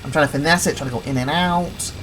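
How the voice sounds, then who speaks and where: A let's play host giving casual gameplay commentary, rambling and self-correcting, retelling a mishap with excitement and laughs. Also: medium pitch, quick pace, slight background noise. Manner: chatty, excitable storytelling with laughs.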